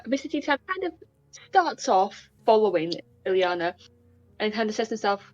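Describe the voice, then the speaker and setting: A woman's voice: medium pitch, very animated, moderate pace, darkish tone, no echo, highs cut off. A woman playing a tabletop game, describing her character in a chatty, hesitant way. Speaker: player.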